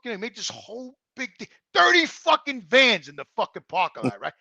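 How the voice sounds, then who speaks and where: A man's voice: extremely high pitch, huge pitch swings, a little fast, gravelly, hardly any pauses, pushed and bright, no echo, lo-fi sound. A man co-hosting a podcast who tells stories in casual chat, swearing constantly and acting out the people he quotes. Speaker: co-host. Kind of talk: casual storytelling.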